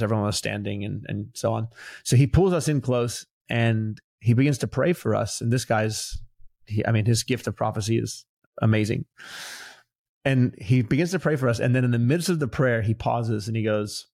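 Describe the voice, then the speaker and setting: Young man, gravelly tone, dry close mic, earnest and animated storyteller. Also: mid-range voice, moderate pace, no room sound. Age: young adult. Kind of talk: casual conversation on faith. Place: Los Angeles.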